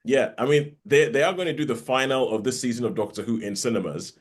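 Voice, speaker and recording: A man's voice: mid-range voice, fast. A man co-hosting a podcast, chatting casually and rambling with frequent restarts. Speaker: podcast co-host. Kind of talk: casual chat.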